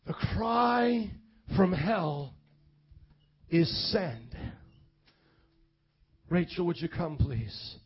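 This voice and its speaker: A man preaching a sermon and reading scripture aloud, dramatic, swinging from loud calls to quiet low reading. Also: very animated, very slow, long pauses, slightly rough. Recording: dull lo-fi sound with faint music.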